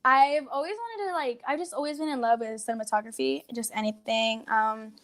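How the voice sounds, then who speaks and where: A woman's voice: fairly high pitch, brisk, fairly bright tone. A teenage girl, a young comedian, chatting in an interview in a giggly, rambling way. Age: teens. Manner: giggly, rambling, slips into mimicked voices. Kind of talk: casual interview chat.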